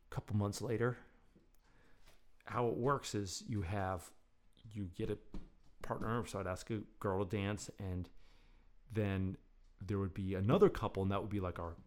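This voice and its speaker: A man's voice: on the low side, darkish tone. A man telling a casual, rambling story with self-deprecating humor. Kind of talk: casual anecdote.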